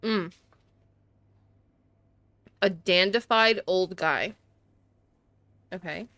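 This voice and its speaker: Bright-voiced woman streaming a game, chatty, dry close mic. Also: medium pitch, no echo. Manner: self-deprecating, chatty, reads chat. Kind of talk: casual game commentary.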